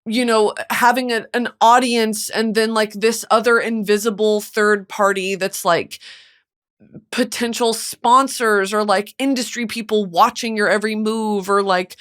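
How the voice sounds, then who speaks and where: A woman's voice: mid-range voice, fairly even intonation, unhurried, a bit bright. Burnt-out woman podcast host, near tears. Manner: earnest, emotional, swears, many "like" fillers. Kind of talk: candid solo podcast monologue.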